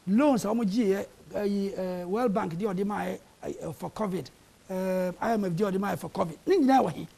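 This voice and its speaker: Panelist, raspy with gravelly edges, argumentative and insistent. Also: mid-range voice, brisk, dark tone. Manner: argumentative, mixing Twi and English. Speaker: panel guest. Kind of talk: heated political debate. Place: television studio.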